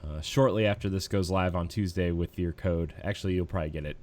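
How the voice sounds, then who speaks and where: A man's voice: sits low, quick pace. A man hosting a casual gaming podcast, rambling easily with plenty of fillers. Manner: relaxed, rambling, lots of fillers. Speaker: podcast host.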